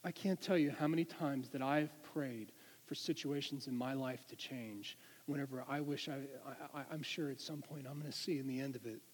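A man's voice: medium pitch, moderate pace, a little mellow, in a large hall. A man preaching a sermon in an earnest, conversational way, often restarting his sentences.

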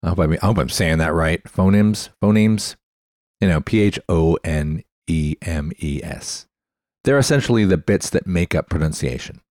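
Deep-voiced man hosting a podcast. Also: normal speed, a little mellow, dry recording, clean studio sound. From Canada. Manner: chatty, spells words out letter by letter. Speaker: podcast host. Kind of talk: casual explanatory podcast talk.

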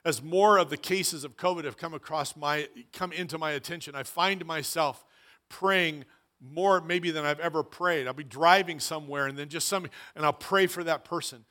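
A man's voice: on the high side, moderate pace, sharp tone. A man preaching a sermon as pastor, earnest and emphatic, often repeating phrases for weight.

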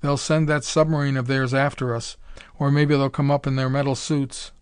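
A man's voice: medium pitch, level tone, moderate pace, clear, resonant tone, no room sound, studio quality, lightly acted. A man voicing a gloomy, pessimistic crewman who sounds resigned.

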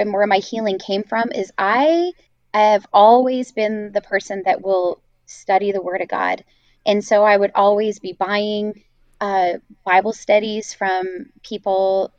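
A woman's voice: medium pitch, fairly even intonation, a little slow, smooth, no echo, muffled recording. Earnest woman telling her faith story. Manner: earnest, reflective, many fillers. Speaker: guest sharing her story. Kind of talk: candid faith testimony.

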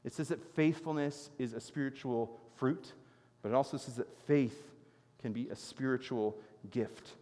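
A man's voice: mid-range voice, moderate pace. Man preaching in an echoing hall. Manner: swings from loud emphatic preaching to quiet earnest talk. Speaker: pastor. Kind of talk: sermon.

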